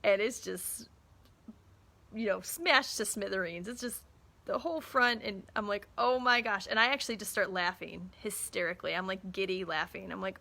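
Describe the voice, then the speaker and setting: Woman, 30s, chatty storyteller, bright tone, casual live talk. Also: mid-range voice, normal speed, gravelly. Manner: chatty storytelling, acts out quoted dialogue. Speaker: small business owner and mother.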